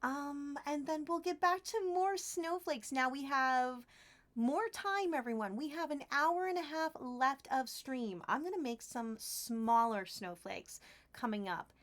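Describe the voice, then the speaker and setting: High, slow, gushing woman streamer. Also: fairly bright tone. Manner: gushing and giggly, talks to viewers. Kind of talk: casual crafting livestream chat.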